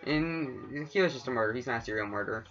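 A man's voice: medium pitch, fairly bright tone, muffled recording, faint music behind. A Canadian man co-hosting a podcast, joking around in goofy casual chat. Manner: goofy, quick to joke. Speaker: podcast co-host.

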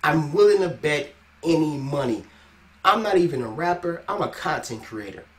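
Animated man reacting out loud. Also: a little high, normal speed. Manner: animated, exclaiming and laughing. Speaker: reaction video host. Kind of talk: casual reaction commentary.

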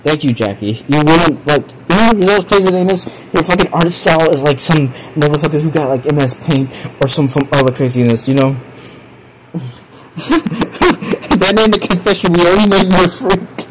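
High-voiced profane young male streamer. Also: brisk, few pauses, background noise. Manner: profane, exasperated, bursts of laughter. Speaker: streamer reading chat confessions. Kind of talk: casual live stream commentary.

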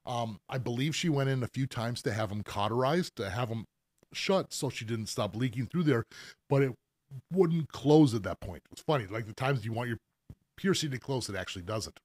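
A middle-aged man who pierces for a living, answering viewer questions on a live stream in a relaxed, explanatory way with plenty of fillers. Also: medium pitch, moderate pace, dry recording, clean studio sound. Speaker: professional piercer hosting a live Q&A. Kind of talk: casual live-stream chat.

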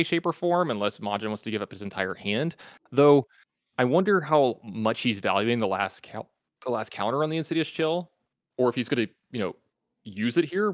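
A man's voice: medium pitch, no room sound, clean studio sound. An American man in his thirties commentating a card game match, analytical and full of fillers. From United States. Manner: analytical, talks fast with many fillers.

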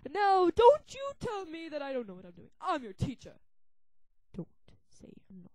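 Fan-dub: woman playing a grumpy old professor, scolding, high and lively. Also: moderate pace, heavily acted, rough recording. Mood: indignant. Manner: scolding, indignant. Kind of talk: fan comedy dub of a game.

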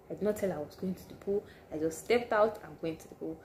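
Animated woman vlogger. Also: lowish voice, fast talker, few pauses, slight background noise. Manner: animated, drops to hushed asides. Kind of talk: casual storytelling to camera.

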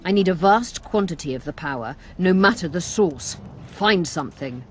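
An actor playing a learned male healer mage who talks in a formal, measured, explanatory way in a fantasy video game. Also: sits high, expressive, soft background music.

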